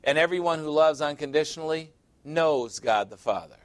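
A man preaching a sermon, stressing key words and often dropping low and quiet at the end of a point. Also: expressive, normal speed, dry recording. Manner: emphatic, repeating phrases for stress.

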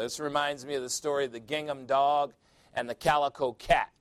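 A man's voice: medium pitch, fairly even intonation, fairly quick, no room sound. An older man from Chicago preaching a sermon, blunt and wry, telling stories and reading scripture. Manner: storytelling, blunt and wry, acts out quotes. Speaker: pastor.

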